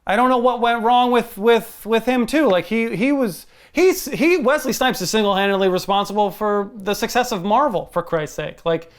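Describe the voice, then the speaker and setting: A man's voice: high-pitched, moderate pace, few pauses, clear, resonant tone. Chatty, laughing male podcast co-host. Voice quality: hesitant, many restarts, laughs. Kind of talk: casual movie review chat.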